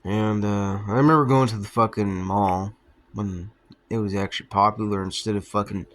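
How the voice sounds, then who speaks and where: A man's voice: on the low side, fairly even intonation, moderate pace, a bit bright. Profane rambling young man. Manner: profane, offhand, laughs at his own stories. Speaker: vlogger. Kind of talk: rambling casual storytelling.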